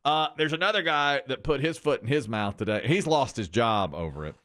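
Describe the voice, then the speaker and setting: A middle-aged male radio host in casual banter, with a mid-pitched voice that swings widely as he tells stories. He acts out the quoted lines with big leaps in his voice. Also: animated, a little fast, a bit bright.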